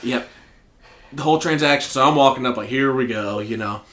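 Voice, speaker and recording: A Southern American man with a medium-pitched voice co-hosts a podcast and tells a rowdy retail story fairly quickly. He's profane and animated, acting out the quotes, and the room is echoey.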